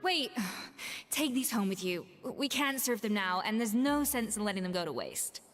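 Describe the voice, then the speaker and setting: A woman's voice: mid-range voice, big pitch swings, moderate pace, a bit bright. A woman voicing a stern, bossy female head chef in a video game, curt and commanding. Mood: gruff. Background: faint game music.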